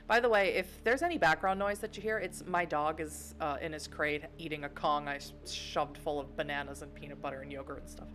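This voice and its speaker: A woman's voice: low-pitched, a little fast, few pauses, fairly bright tone, soft background music. A woman streaming at home, reading a story game aloud and chatting in self-deprecating asides.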